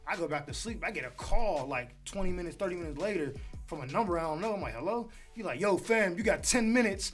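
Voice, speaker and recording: A man's voice: on the high side, lively intonation, fast talker, soft background music. A man in his thirties, a comedian telling stories in casual chat and acting out the voices of the people in them. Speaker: comedian guest.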